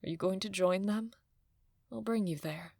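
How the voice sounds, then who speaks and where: A woman's voice: mid-range voice, moderate pace, creaky, darkish tone, dry recording, studio quality. A woman voicing the Nurse, a caring servant, in an audio drama, speaking in a soothing way. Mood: reassuring. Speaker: actor playing the Nurse.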